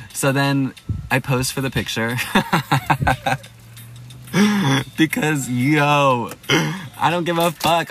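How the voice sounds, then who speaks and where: A young man hosting a podcast, retelling a night out in a loud, profane, dramatic way. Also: medium pitch, a little hiss or hum. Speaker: podcast host. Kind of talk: casual storytelling podcast.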